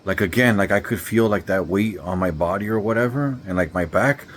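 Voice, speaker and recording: A man's voice: deep voice, a little fast, a little hiss or hum. A man telling a story in a rambling, laid-back way, full of slang and fillers. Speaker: vlogger. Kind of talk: casual storytelling to camera.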